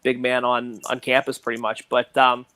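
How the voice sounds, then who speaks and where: A man's voice: medium pitch, monotone, normal speed, sharp tone, clean tone, no room sound. A man talking through a film as a podcast guest, rambling and leaning on "you know" fillers. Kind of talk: casual movie discussion.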